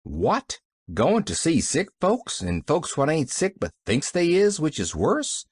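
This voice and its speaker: A man's voice: on the high side, huge pitch swings, measured pace, husky, no echo, voice pushed up, full character voice. A man voicing a blunt, skeptical young housemaid who speaks in rustic country dialect.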